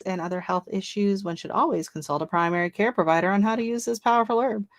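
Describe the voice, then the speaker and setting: A woman's voice: mid-range voice, fast talker, no room sound. Woman, gardening livestream host, chatty, reads listings aloud, dry close sound. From not from Canada. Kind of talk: casual live-stream chat.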